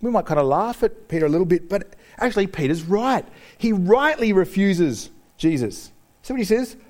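A man preaching a sermon, animated, joking with the congregation and acting out the people he quotes. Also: high-pitched, normal speed. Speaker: pastor.

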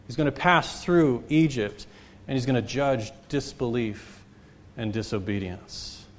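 A man preaching a sermon as pastor, stressing points by repeating phrases and swinging between loud and soft. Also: medium pitch, a little slow, a little hiss or hum. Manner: preaching with wide swings in loudness and pace.

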